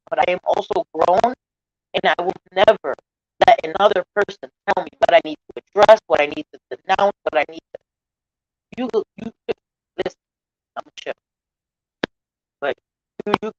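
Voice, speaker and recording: An emotional woman vlogger speaks straight to her viewers, close to tears, pleading softly and then turning blunt and defiant. Her voice comes through a dull, lo-fi mic with a dry, close sound and no room echo. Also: fairly low pitch, a little fast. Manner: earnest, defensive, swings from soft pleading to blunt defiance. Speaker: vlogger addressing her channel. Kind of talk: emotional livestream apology.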